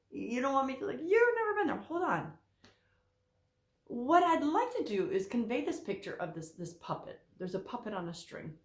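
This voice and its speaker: A woman therapist speaking straight to her viewers, emphatic and animated, repeating her key points for weight. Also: mid-range voice, echoey room. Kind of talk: direct-to-camera talk.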